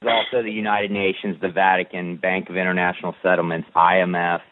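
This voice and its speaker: A man reading a long formal declaration aloud in a measured, deliberate recitation, then answering a caller's questions. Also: deep voice, little pitch movement, a little hiss or hum. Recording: tinny phone-line radio audio.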